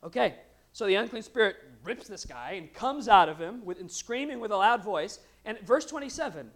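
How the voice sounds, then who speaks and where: A woman preaching a lively, conversational sermon, joking with the congregation between scripture readings. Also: medium pitch, normal speed. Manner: lively and conversational, with humorous asides.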